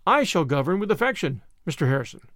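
A man's voice: sing-song, fast, fairly bright tone, no echo, clean studio sound. A man voicing an earnest, idealistic young woman teacher in a storybook reading. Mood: indignant. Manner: earnest, high-minded.

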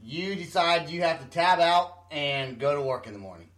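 High-voiced man hosting a podcast. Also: lively intonation, moderate pace, reverberant, background noise. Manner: reacts with short exclamations, introduces songs. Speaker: podcast host. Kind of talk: casual chat.

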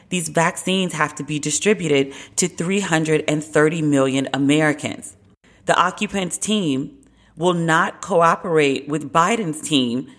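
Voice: mid-range voice, fairly bright tone. A podcast host giving casual, candid commentary alone, wry and opinionated, with slangy asides.

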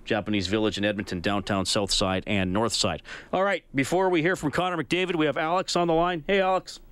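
A man's voice: medium pitch, fairly bright tone, clean tone, dry recording. A man hosting a sports talk radio call-in show, chatting casually and thinking aloud with frequent restarts.

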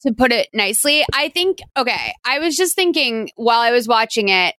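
A woman co-hosting a podcast, chatting casually about a movie with quick asides and frequent laughs. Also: on the high side, very animated, sharp tone, no echo, studio quality. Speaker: podcast co-host.

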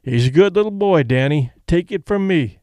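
A man reading aloud and voicing a gruff boxing manager who talks in a defensive, coaxing way. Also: a little high, expressive, normal speed, mellow, no echo, studio quality, close to an everyday voice.

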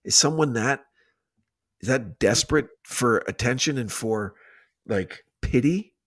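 A man co-hosting a podcast in loose, casual conversation. He rambles and restarts, getting animated as he tells a story, with an ordinary middle pitch. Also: a little slow. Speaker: podcast co-host. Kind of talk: casual chat.

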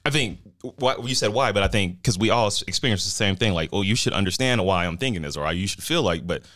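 Man in casual chat, very low voice, measured and reasoning, dry close sound. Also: animated, a bit bright, no echo.

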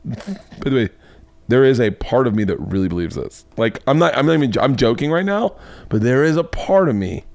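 A man with a mid-pitched voice hosts a comedy podcast, telling stories as a casual, profane monologue. When he gets carried away, his voice climbs sharply and gets more animated, then drops back to an easy conversational tone. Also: brisk, creaky, dry recording. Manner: animated storytelling, swears freely, voice jumps higher when excited. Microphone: podcast mic.

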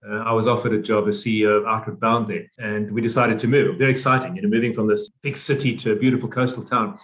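A man's voice: on the low side, fairly even intonation, fast talker, fairly bright tone. A man from South Africa, a guest on a podcast interview, speaking earnestly and repeating his key phrases.

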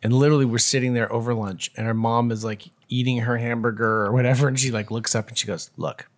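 A man co-hosting a podcast, chiming in with relaxed, supportive remarks in casual talk. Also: mid-range voice, fast. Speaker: podcast co-host. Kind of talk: casual conversation.

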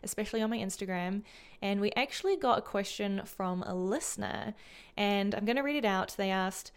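A woman with a New Zealand accent co-hosts a podcast in easygoing, upbeat chat, leaning on casual fillers. Her voice is smooth and clear. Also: mid-range voice, brisk. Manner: upbeat, chatty, many fillers. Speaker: podcast co-host.

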